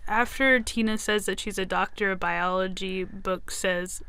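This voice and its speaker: A woman's voice: mid-range voice, measured pace, a bit bright, clear, resonant tone. A woman co-hosting a podcast, chatting casually about movies with frequent giggles and rambling asides. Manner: giggly, rambling, lots of likes. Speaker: podcast co-host. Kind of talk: casual chat.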